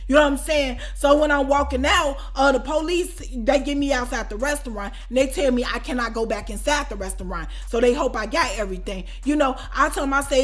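A woman vlogger telling a story in a casual, animated way, swearing often and quick to shout. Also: high voice, faint music behind.

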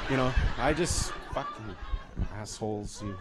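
A man from Canada, a comedian giving a comedic storytelling talk in a loose, profane, animated way. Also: mid-range voice, normal speed. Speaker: comedian and speaker.

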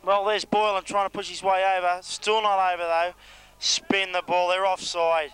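A man with an Australian accent doing joking, excitable play-by-play on an amateur rugby league match. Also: sits high, moderate pace, rough recording. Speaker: match commentator.

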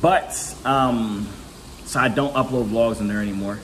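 A man's voice: mid-range voice, normal speed, fairly bright tone. Teasing young man vlogging at home. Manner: playful teasing, slangy. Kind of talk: casual vlog chat. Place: home, indoors. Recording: echoey room, faint noise.

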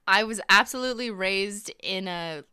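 A woman's voice: medium pitch, takes it slowly, sharp tone, clean tone, dry recording, studio quality. A young woman from Canada giving casual, playful and sarcastic live-stream commentary as she reacts to videos, laughing often.

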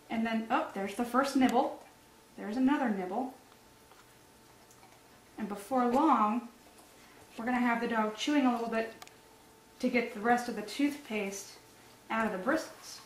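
A woman pet trainer giving a casual demonstration, explaining steps and softly cooing praise at a dog. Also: fairly high pitch, normal speed, long pauses. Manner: coos praise at the dog in a soft voice. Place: indoor room with a dog. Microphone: camera mic from a distance. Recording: echoey room, far from camera mic, faint hiss.

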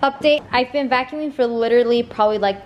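A woman's voice: a little high, fast. An eighteen-year-old woman vlogging from her new apartment, car and stores, chatting casually with lots of slang and swearing. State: tired. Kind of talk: casual vlog chat. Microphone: handheld camera. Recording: echoey rooms with background noise.

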